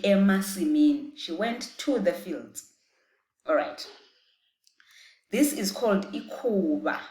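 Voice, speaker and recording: Woman, unhurried language teacher, slightly low voice, roomy echo. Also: darkish tone. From Zimbabwe. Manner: patient, repeats words for learners to echo. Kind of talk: slow vocabulary lesson. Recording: echoey room.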